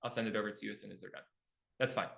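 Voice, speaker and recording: A man's voice: fairly low pitch, steady tone, rapid-fire, gravelly, a bit bright. A middle-aged man coaching a live online class on real estate investing, telling stories and acting out both sides of his phone calls. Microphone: video call.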